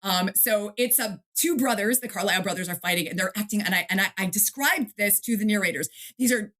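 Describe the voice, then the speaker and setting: A middle-aged woman from the Detroit area, an author chatting in an interview, lively and quick to act out quotes and laugh. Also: medium pitch. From Detroit area, USA. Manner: animated storyteller, acts out quotes, laughs often. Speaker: author and guest. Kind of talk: casual interview chat.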